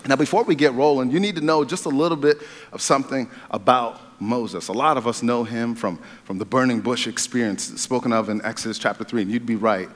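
A man preaching a sermon to a congregation, playful and joking, with loud excited bursts between quieter earnest stretches. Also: mid-range voice, a little fast. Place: large church hall. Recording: long hall reverb.

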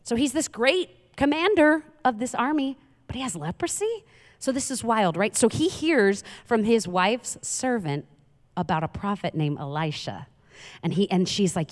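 A woman preaching a sermon, telling a Bible story in a conversational, animated way with frequent asides to the congregation. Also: on the high side, moderate pace. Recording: long reverb of a large hall.

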